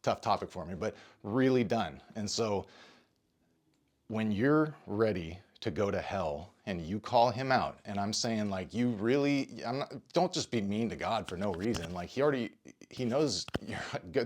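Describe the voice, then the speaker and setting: A man giving a personal testimony to camera, earnest and confessional, emotional and a little out of breath, with halting restarts. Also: lowish voice. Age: adult parent. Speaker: video creator and podcaster.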